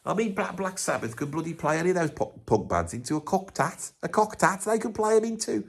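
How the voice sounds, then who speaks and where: Casting: man playing a middle-aged Brummie rock fan, rambling and scoffing, voice sitting a little high. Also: sing-song, a little fast, creaky, husky, heavily acted. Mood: grumbling. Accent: Birmingham. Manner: rambling, swears often, scoffing. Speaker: comedy character host. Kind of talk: comic rant to camera.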